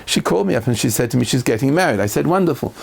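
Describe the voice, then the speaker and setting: A gravelly-voiced man gives a Torah lecture. He speaks quickly and with a lively, swooping pitch. He acts out the people in his stories. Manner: animated storyteller, acting out quoted voices with big pitch jumps. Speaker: rabbi.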